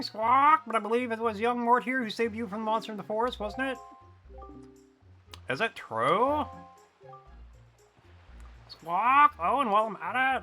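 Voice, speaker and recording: Squawking bird postman, high-pitched, chatty, fussy, bright, game character. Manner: squawks between sentences.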